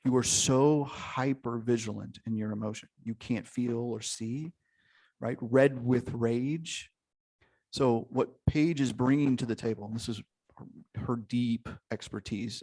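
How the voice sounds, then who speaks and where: A male relationship coach leading a live online session over a computer mic, energetic and emphatic, checking in often and swearing casually. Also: medium pitch.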